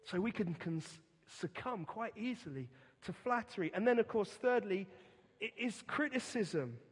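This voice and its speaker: A middle-aged man preaching a sermon as pastor, earnest and emphatic, with a deliberate delivery and repeated words for stress. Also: high-pitched, animated, breathy edge. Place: church. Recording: reverberant church hall.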